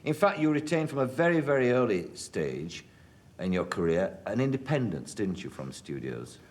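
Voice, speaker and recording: A man's voice: fairly low pitch, very animated, normal speed. A man hosting a television interview, asking probing questions and dropping in brief interjections. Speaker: talk show host. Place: television studio.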